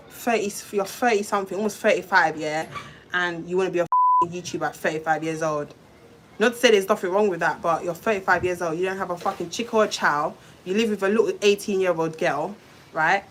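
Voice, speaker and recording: A woman's voice: fairly low pitch, noisy background. A woman on a live stream, telling her viewers a heated personal story in a blunt, swearing, direct way. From London. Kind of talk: emotional live-stream rant.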